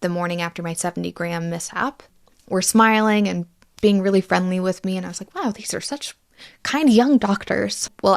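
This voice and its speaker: Gravelly-voiced woman podcaster in her thirties. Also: medium pitch. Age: 30s. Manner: candid, swears freely. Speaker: podcast host. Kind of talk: personal update monologue. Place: Austin, Texas.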